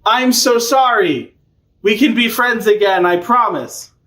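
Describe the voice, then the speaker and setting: Man putting on a remorseful older king, pleading, high-pitched, slow and drawn-out. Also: animated, bright, forceful tone, full character voice.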